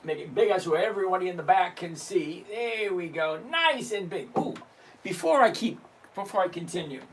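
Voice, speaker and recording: A man's voice: high voice, lively intonation, moderate pace. A man in his sixties hosting a live trading stream, chatting casually, joking and swearing as he reads out numbers step by step. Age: 60s. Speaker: livestream trading host. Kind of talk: casual livestream teaching.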